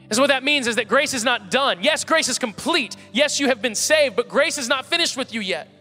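A male pastor preaching an earnest sermon, stacking repeated phrases for emphasis. His voice sits very high and sounds bright and forceful. It carries a long reverb from the church sanctuary. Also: animated, a little fast, faint music behind.

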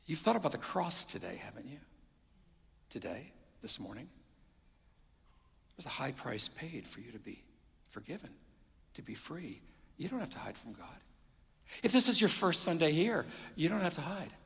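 Gravelly man preaching in a reverberant hall. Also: on the high side, very animated, normal speed, long pauses. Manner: dynamic preaching, swinging from loud to hushed. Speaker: pastor. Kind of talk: sermon. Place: church sanctuary.

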